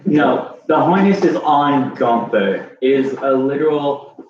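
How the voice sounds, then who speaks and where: A man at a tabletop game talks in a slow, hesitant way while he argues over the rules. He sits far from the mic in a very echoey room, and the sound is dull with a faint hiss. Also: mid-range voice, lively intonation, a little mellow. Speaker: player. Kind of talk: casual table talk.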